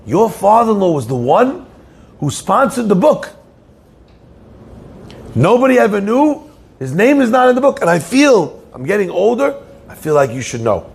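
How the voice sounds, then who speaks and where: A rabbi tells a story from the pulpit in a high, gravelly voice that swings widely in pitch. The voice has a husky edge. He keeps turning to his listeners with questions. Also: normal speed, pauses often. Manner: animated storyteller who asks the listeners questions. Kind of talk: storytelling sermon.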